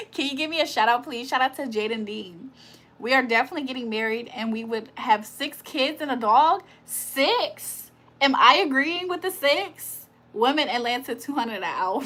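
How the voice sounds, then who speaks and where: A woman's voice: sits high, a bit bright. A woman hosting a casual livestream, reading viewer comments aloud, teasing them and laughing often. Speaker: livestream host.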